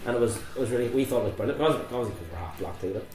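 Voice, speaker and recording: A man's voice: mid-range voice, lively intonation, rapid-fire, a little mellow, echoey room, faint music behind. Rambling man, podcast chat. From Northern Ireland. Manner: rambling, laughs often, slips into impressions. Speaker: podcast host. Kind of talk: casual chat.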